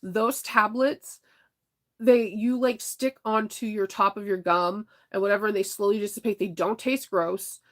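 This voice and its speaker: A woman's voice: medium pitch, moderate pace. Congested, chatty woman live-streaming. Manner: animated, laughing, talks to chat by name. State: congested with a sinus infection. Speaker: vlogger reading live chat. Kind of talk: casual live-stream chat.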